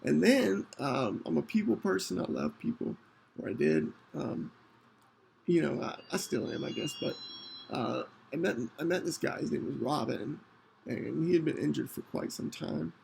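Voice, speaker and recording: A man with a deeply gravelly, fried voice tells a personal story on his podcast. His pitch swings in a lively way, a little above the usual male range, and he speaks earnestly with frequent restarts. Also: a little hiss or hum, rough recording. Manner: earnest, halting, with many restarts. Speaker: podcast host.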